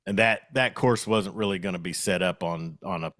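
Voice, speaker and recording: A man's voice: low-pitched, normal speed, fairly bright tone, no echo, clean studio sound. A man co-hosting a casual sports show stream, rambling and correcting himself as he goes. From Western Oklahoma. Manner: rambling, self-correcting, chuckling.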